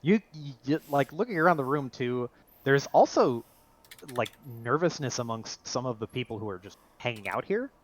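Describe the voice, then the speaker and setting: A man's voice: medium pitch, expressive, moderate pace. A man narrating a tabletop role-playing game as game master, in a casual style full of fillers.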